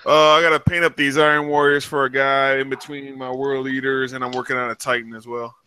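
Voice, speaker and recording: A man's voice: mid-range voice, flat delivery, a little fast, sharp tone, clear, resonant tone. A man calling in to a casual chat, laid-back and profane, joking with friends. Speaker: guest painter calling in.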